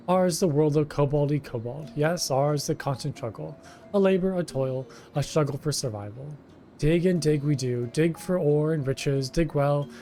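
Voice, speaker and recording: A man's voice: a little high, dark tone. A man voicing a whiny, self-pitying male kobold foreman who repeats himself in strings of synonyms. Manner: repeats words in lists of synonyms, pleading.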